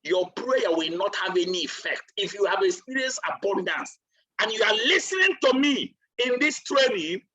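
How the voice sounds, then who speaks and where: Emphatic preacher-style trainer. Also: male voice, high voice, sing-song, moderate pace, bright, forceful tone, low-quality recording. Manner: emphatic and repetitive, asks for water mid-talk. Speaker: trainer and speaker. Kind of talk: motivational training talk delivered like a sermon.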